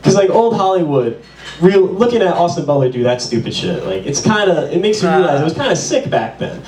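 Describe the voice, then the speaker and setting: A man's voice: fairly high pitch, sing-song, brisk, darkish tone, a little hiss or hum. A man doing a stand-up comedy set, with a loose, rambling delivery full of "like". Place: small bar performance room. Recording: roomy, distant, with audience.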